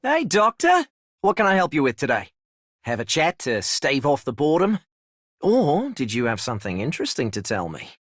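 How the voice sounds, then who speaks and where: An easygoing, teasing male patient from a video game in an imitated broad Australian bogan accent. His pitch swings widely through every line. The studio recording is completely dry. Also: huge pitch swings, moderate pace, a bit bright, dry recording, heavily acted. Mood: friendly. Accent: Australian, imitated by a non-native speaker. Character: laid-back, cheeky young man patient, prankster. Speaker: game character voice lines.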